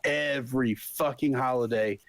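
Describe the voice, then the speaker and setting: A man's voice: mid-range voice, fairly even intonation, moderate pace, no room sound. Ranting, profane man on a dry mic. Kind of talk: casual chat.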